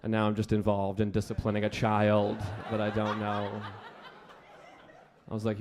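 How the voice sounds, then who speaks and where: A man doing a stand-up comedy set on a club stage, with a deadpan, self-deprecating delivery. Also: on the low side, normal speed, long pauses, noisy background. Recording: live club set with faint crowd. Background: audience laughter.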